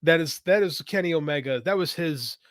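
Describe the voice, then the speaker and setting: A man's voice: a little high, moderate pace, no room sound, clean studio sound. Rambling male podcast co-host. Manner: rambling, self-correcting, many fillers. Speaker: youth coach. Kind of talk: casual podcast chat.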